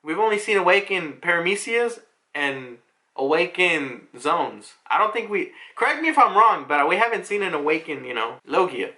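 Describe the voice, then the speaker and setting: Animated, bright-voiced young man recapping. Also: high voice, normal speed. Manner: rambling, filler-heavy, swears freely. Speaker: manga reviewer. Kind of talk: casual chapter recap.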